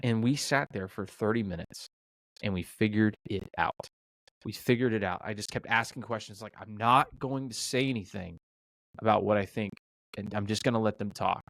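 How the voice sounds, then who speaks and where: On a podcast, a middle-aged restaurant owner recounts a story in a laid-back interview, his somewhat low voice a bit creaky. He animatedly plays out each quoted exchange, restarting quickly and using plenty of fillers. The sound is dry and close-miked, without any sense of room.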